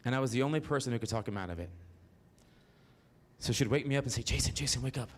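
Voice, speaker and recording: A man's voice: mid-range voice, lively intonation, fast. Profane man telling his own story. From Mississippi. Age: 40s. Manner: frank and profane, with punchy asides to the audience. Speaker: solo performer. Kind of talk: autobiographical stand-up storytelling.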